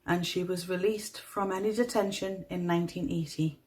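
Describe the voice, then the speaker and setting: A woman with a toned-down Northeast English accent narrating a true crime story in a measured, somber manner. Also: lowish voice, steady tone, a little mellow, poor audio. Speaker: podcast host.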